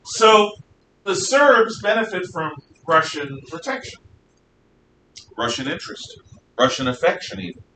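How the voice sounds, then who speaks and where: Here the history teacher sounds sing-song and sharp, taking his time with long pauses. He lectures in a rambling way, using fillers and correcting himself often, captured by a distant mic in an echoey room with a faint rumble underneath.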